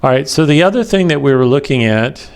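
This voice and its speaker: A man teaching a web development lecture over a screen capture, talking in a slow, halting way with many fillers and pauses while he has the hiccups. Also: medium pitch, lively intonation, gravelly.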